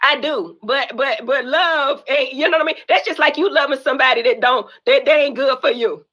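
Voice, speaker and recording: A woman's voice: sits high, a little fast, pushed and bright, muffled recording. An older woman talking bluntly and emotionally in a heated podcast chat, swearing freely and rambling. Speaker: reality TV guest.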